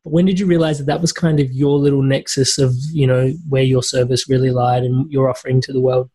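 A man's voice: medium pitch, flat delivery, brisk, warm tone, no room sound, low-quality recording. A man hosting a podcast, asking questions in a rambling way full of ums and likes. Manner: rambling, filler-heavy, friendly. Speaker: podcast host. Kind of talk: casual interview chat.

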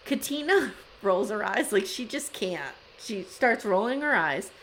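A woman co-hosting a podcast, recounting scenes in casual, animated chat. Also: mid-range voice, a little slow, a little hiss or hum, poor audio. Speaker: podcast co-host.

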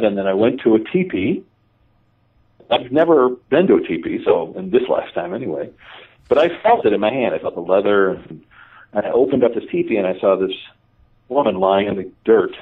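Male guest calling in, animated storyteller, wide swings in pitch, self-mocking, sits back from a thin phone-quality line. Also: recorded from a distance. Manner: lively, self-mocking, quick asides, acts out dialogue. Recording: tinny phone line, off-mic.

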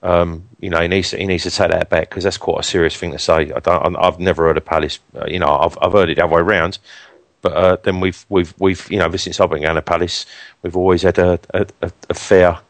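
A man on a football fan podcast, speaking haltingly with many restarts and fillers. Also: sits low, little pitch movement, no room sound. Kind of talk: casual football fan chat.

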